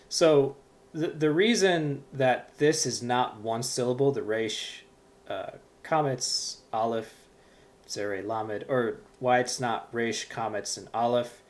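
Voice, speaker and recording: A man's voice: medium pitch, slow pace, a little mellow. A man teaching a Hebrew reading lesson, patiently explaining step by step with frequent fillers.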